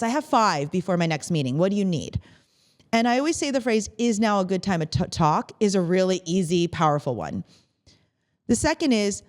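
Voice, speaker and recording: A woman's voice: mid-range voice, a little fast. A woman hosting a motivational podcast, talking casually and acting out everyday phrases in a lifted voice. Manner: animated, acts out quoted phrases in a lifted voice. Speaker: podcast host.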